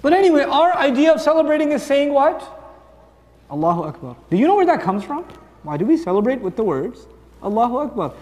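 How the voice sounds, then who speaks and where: Male preacher, high voice, animated, lets quick dialogues play out, big reverberant hall. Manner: animated, acts out dialogues for the audience. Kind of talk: sermon. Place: large hall with long reverb.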